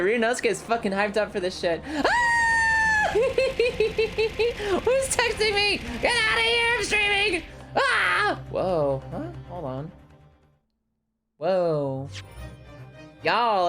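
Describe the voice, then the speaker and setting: Young female streamer, hyper and foul-mouthed, very animated delivery, soft music under her. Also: mid-range voice. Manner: excitable, swears a lot, frequent squealing laughs. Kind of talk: casual live-stream chat while playing a game.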